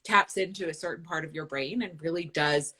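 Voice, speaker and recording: Candid female wellness host, lower voice with a bright, forceful edge; loose, chatty delivery. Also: fairly quick, husky. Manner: candid, chatty, fills with "like" and "right?". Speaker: nutritionist and host. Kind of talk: casual chat.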